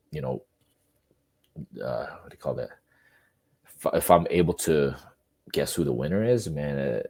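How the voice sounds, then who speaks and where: A man co-hosting a boxing podcast, talking in a relaxed, rambling way with lots of filler words. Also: very deep voice, husky. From Philippines. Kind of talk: casual chat.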